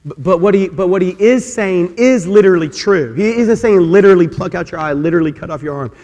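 A male pastor with a high voice delivers a sermon in a large church hall, and long reverb trails each phrase. He shifts between relaxed, conversational asides and loud, stretched-out emphasis, and he repeats key words to drive them home. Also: highs cut off. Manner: swings from quiet chatty asides to shouted, drawn-out emphasis.

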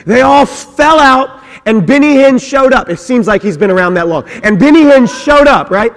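A man preaching a sermon in a church. He is animated, cracks joking asides and often restarts his words. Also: extremely high pitch, normal speed, few pauses. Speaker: pastor. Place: church sanctuary. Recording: long hall reverb.

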